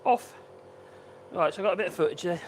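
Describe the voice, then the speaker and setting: A man's voice: high-pitched, fast talker, a little hiss or hum. A man hosting a woodworking livestream, chatting casually and thinking aloud while he works. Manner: chatty, thinks aloud and hums tunelessly to himself. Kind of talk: casual live-stream chat while working.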